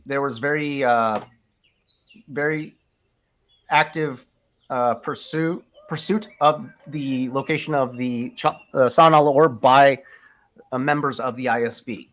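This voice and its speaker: A man's voice: mid-range voice, fairly even intonation, unhurried, fairly bright tone. A man acting as game master of a tabletop game, talking in a rambling way with many fillers. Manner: rambling, full of fillers and restarts.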